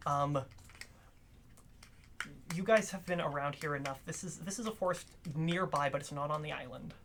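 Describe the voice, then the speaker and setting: A man with a slightly high, fairly bright voice narrates a tabletop role-playing game as game master, speaking at normal speed with slight background noise. He describes the scene like a storyteller and often laughs along with the players.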